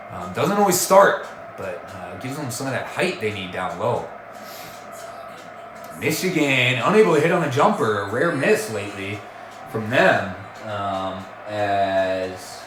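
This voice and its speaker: Man, mock sports commentary, lively swinging pitch, punning and self-correcting, roomy echo. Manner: jokey, pun-filled, self-correcting. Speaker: play-by-play commentator.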